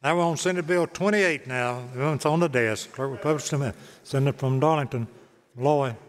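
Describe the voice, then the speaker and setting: A man's voice: medium pitch, a little fast. A man presiding over a legislative session, calling for order and running procedure firmly. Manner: firm, procedural. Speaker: presiding officer. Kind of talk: chairing a session. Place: legislative chamber. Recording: long hall reverb.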